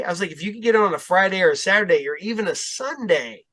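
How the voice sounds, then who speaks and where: High-voiced man telling a rambling story. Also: expressive, quick pace, few pauses, bright, forceful tone. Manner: rambling storyteller, quotes himself often. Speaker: podcast host. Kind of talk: casual chat.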